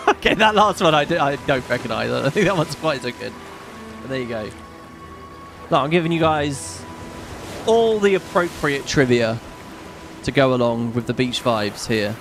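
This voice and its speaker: Lively chatty man narrating gameplay. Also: medium pitch, normal speed, long pauses. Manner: chatty, muses aloud, reads on-screen text. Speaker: gaming YouTuber. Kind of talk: casual let's-play commentary. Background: game music.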